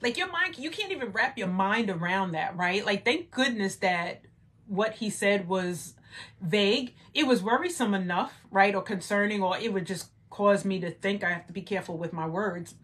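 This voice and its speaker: A woman leads a Bible study, reading scripture and commenting conversationally in a mid-range, fairly bright, animated voice at normal speed. She often tosses in a rhetorical "right?" and rises to emphatic exclamations.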